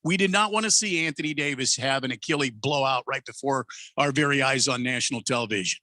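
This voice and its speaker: A man's voice: mid-range voice, fast, bright, forceful tone, no echo. A man co-hosting a sports talk radio show, chatty and hedging as he talks things through. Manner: chatty, hedging, laughs along. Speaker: radio co-host. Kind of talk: casual sports radio banter.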